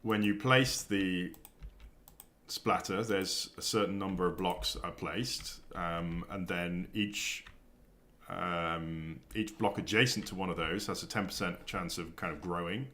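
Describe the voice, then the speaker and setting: Here a young man's low, fairly even voice sounds pushed and bright, moving at a slightly slow pace. He's a game streamer chatting casually during a building session, rambling and musing aloud with many ums, while keyboard clicks and typing sound faintly behind him.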